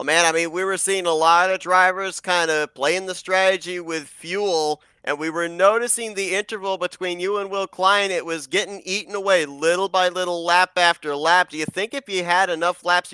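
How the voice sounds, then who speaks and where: Casting: male booth commentator, slightly high, crisp and bright, upbeat patter. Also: dry recording. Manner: smooth, upbeat broadcaster patter. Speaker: race broadcast commentator. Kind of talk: race broadcast interview.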